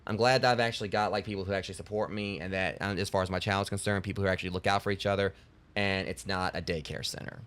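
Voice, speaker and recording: A man's voice: deep voice, fairly even intonation, rapid-fire, fairly bright tone, clear, resonant tone. A male live streamer chatting casually with his viewers in a rambling, joking way.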